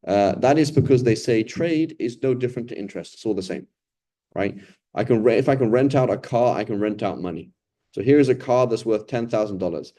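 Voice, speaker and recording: A man's voice: medium pitch, a little fast, mellow. A man giving a casual, conversational Quran lesson, often checking in with "right?" and briefly acting out the people he describes. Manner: acts out quoted complainers and beggars. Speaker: Quran teacher.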